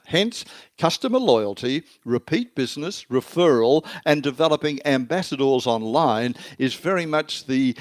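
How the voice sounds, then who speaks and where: A man's voice: fairly high pitch, no echo. An older man, a marketing expert answering interview questions in an emphatic way that builds long lists of terms.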